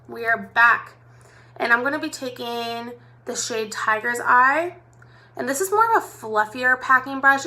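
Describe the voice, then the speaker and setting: A woman's voice: a little high, sharp tone. A chatty young woman doing a live makeup tutorial as a makeup artist, talking directly to her viewers in a bubbly way.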